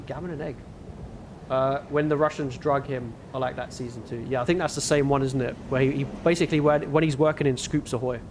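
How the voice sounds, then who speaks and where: A man's voice: medium pitch, steady tone, fairly quick, background noise. A man with a northern English accent, chatting casually with viewers while gaming on a livestream in a laid-back, rambling way. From northern England.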